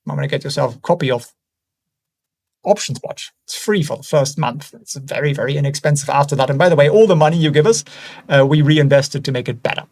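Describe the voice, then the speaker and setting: Male stock-channel host with a German accent, high-ish voice, excitable and chatty, squeaky bursts on the exciting bits, whispered asides. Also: fast, vocal fry. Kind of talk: screen-share stock analysis.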